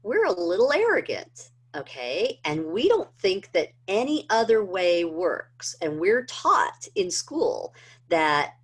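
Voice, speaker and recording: A woman's voice: mid-range voice, wildly swooping pitch, slow pace, husky. A middle-aged woman earnestly telling a personal story, with many fillers and rising emotion. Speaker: presenter of a health training video. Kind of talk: personal testimony talk.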